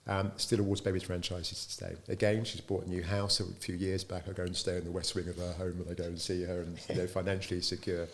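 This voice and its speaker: A man's voice: low-pitched, quick pace, few pauses, a little hiss or hum. A middle-aged man, a business founder, tells anecdotes in an interview and acts out the dialogue in them. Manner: lively storyteller who acts out quoted dialogue.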